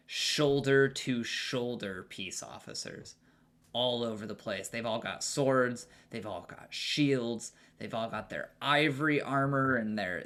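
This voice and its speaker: A man's voice: mid-range voice, fairly bright tone. Casual swearing man running a tabletop game. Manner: casual, swears, many fillers and restarts. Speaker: game master.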